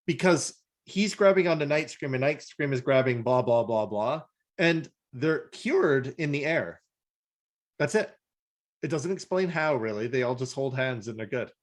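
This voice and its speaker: A man co-hosting a casual podcast, animated and laughing as he acts out scenes, swearing freely. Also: mid-range voice, normal speed. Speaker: podcast co-host. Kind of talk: casual podcast chat reviewing a cartoon episode.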